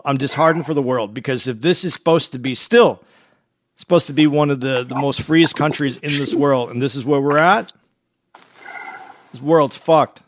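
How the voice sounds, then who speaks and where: A man co-hosting a podcast in casual chat, earnest and halting, often repeating words as he gets serious. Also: on the high side, fairly bright tone, dry recording, studio quality. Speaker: podcast co-host.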